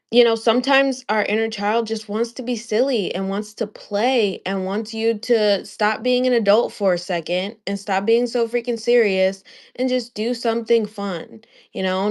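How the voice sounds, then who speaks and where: A woman co-hosting a casual live-stream chat, talking in an animated, emphatic way and going off on tangents. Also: mid-range voice.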